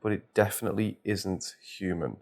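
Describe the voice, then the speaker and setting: A man's voice: on the low side, lively intonation, normal speed. A man voicing a frightened male doctor who stumbles and stutters over his words in a horror story reading. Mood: scared, strained. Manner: stuttering, strained. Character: shaken male doctor, stammering and scared.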